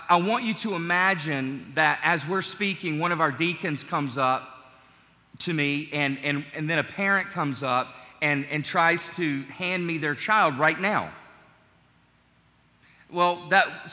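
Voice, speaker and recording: Bright-voiced pastor in a reverberant hall. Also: male voice, fairly high pitch, measured pace. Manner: warm, conversational, joking with congregation. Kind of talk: sermon. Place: large church sanctuary. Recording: long church hall reverb.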